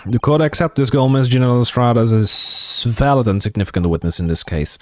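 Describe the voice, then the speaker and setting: A man voicing a stern elderly male judge in a game, formal and measured. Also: medium pitch, no room sound, close to an everyday voice.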